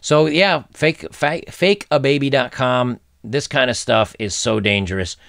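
A man's voice: mid-range voice, a little slow, creaky, fairly bright tone, dry recording. A man hosting a casual commentary vlog, reading dating profiles aloud in a sarcastic, mocking way. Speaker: online commentator.

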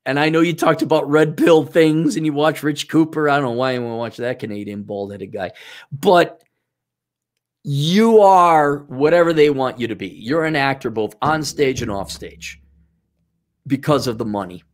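A man's voice: a little high, moderate pace. A man with a slightly raised voice talks through casual advice. He rambles, restarts his sentences and speaks bluntly and informally.

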